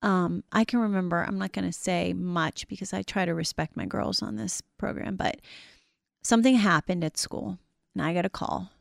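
A woman's voice: lowish voice, fairly even intonation, moderate pace, gravelly, no room sound, clean studio sound. A middle-aged woman hosting a faith talk show, encouraging her guest and reading scripture aloud. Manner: warm encouraging, quotes scripture. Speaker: host.

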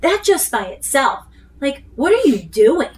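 A woman leading a casual group Bible study, talking earnestly and quoting scripture with animated emphasis. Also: sits high, unhurried. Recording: distant mic with faint room noise.

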